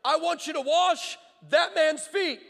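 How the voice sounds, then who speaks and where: A man voicing God as a commanding, patient father who speaks in slow, deliberate commands. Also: very high voice, steady tone, creaky, a bit bright, pitched above the performer's own voice, full character voice. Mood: insistent. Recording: long reverb of a large hall.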